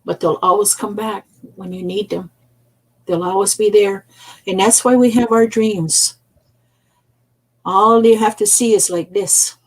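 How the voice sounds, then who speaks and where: Older woman, husky voice, mid pitch, soft unhurried storytelling, repeats herself for emphasis. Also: fairly even intonation, low-quality recording. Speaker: elder storyteller. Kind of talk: gentle storytelling and teaching.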